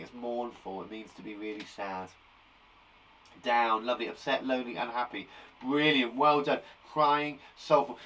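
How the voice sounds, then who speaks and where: A man with an English accent teaching a live online lesson to young children, lively and animated, acting out example sentences. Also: medium pitch, normal speed, distant mic, slight background noise, poor audio. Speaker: primary school teacher.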